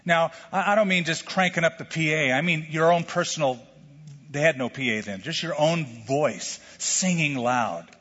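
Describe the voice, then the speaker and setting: A middle-aged male pastor preaching a sermon in a lively, conversational way, full of questions to the congregation. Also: a little high, normal speed, breathy edge. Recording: lo-fi sermon recording with long hall reverb.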